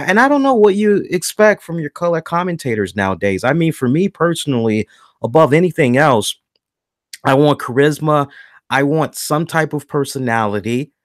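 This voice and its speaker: Animated male wrestling podcast host. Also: fairly high pitch, dry recording, studio quality. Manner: animated, acts out his own reactions in quotes; frequent restarts and repeated words. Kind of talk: casual show review monologue.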